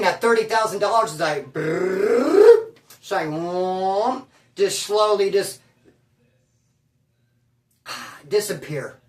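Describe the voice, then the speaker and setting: A man casually telling a long story in slangy, animated speech, acting out what others said. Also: sits high, echoey room, distant mic. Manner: animated, slangy, acts out quotes. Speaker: guest telling his story.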